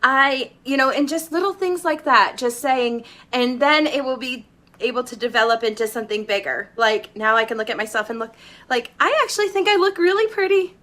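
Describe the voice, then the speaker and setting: A woman with a slightly high, bright, sharp-edged voice gives a heartfelt personal testimony. She speaks earnestly and sounds close to tears. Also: expressive, fairly quick. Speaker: mother and shapewear seller.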